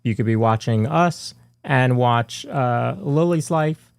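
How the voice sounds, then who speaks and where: Gravelly guy rambling thru podcast plugs, lots of ums, pitch right in the middle, dry close sound. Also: slow, dry recording. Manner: rambling, many fillers and restarts. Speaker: podcast co-host. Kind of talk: casual live podcast chat.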